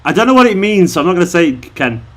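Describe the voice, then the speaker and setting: A Mancunian man hosting a casual live stream, joking as he reads out viewer comments. He is a little drunk and loose, and his voice sits slightly high for a man. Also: sing-song, quick pace, a bit bright. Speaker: fan channel host.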